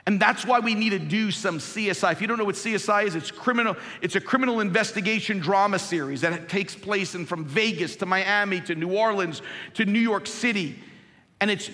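A man in his fifties preaching a sermon as a pastor, with emphatic delivery that swings between loud peaks and low, quiet storytelling. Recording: reverberant hall.

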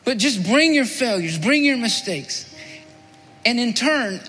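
A man pastor giving an earnest altar call in a sermon, repeating his phrases and often sinking to a soft, low voice. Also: expressive, a little slow. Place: church sanctuary. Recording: long church-hall reverb with music. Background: music playing.

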